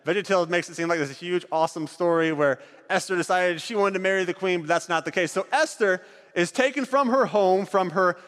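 A man's voice: sits high, a little fast, a bit bright, long reverb tail. A man leading a group through an acted-out Bible story, directing volunteers on stage as he narrates.

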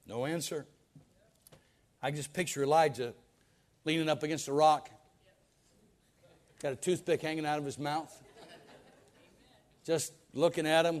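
A pastor preaching a sermon, reading Bible verses dramatically with folksy asides in between. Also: male voice, moderate pace, long pauses. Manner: dramatic Bible reading with wide swings in loudness and pitch.

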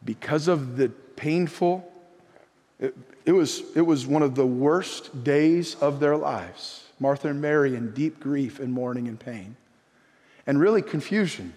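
A man's voice: mid-range voice, measured pace, a little mellow. A man preaching a sermon as pastor, reading old-style scripture and then pleading directly with his congregation. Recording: long hall reverb.

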